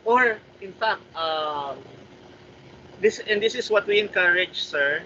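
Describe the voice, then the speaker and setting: His voice is high, animated, pushed and bright. Politely critiquing work as a writing workshop trainer on a video call, this Filipino-accented man slips between English and Tagalog and reads lines aloud slowly; the call audio is a bit muffled with faint noise.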